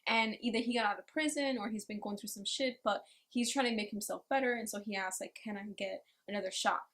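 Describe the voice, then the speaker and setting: With a fairly high pitch and a quick pace, a woman goes over an anime episode in a laid-back recap. The reviewer swears without restraint and performs the dialogue, keeping the storytelling animated and crude.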